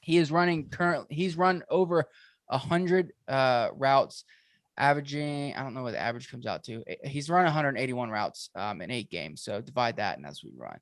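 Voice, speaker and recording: A man co-hosting a fantasy football show, talking excitably in a rambling way, with lots of restarts and fillers. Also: mid-range voice, moderate pace, no echo, clean studio sound. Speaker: fantasy football podcast co-host. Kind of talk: casual sports analysis chat.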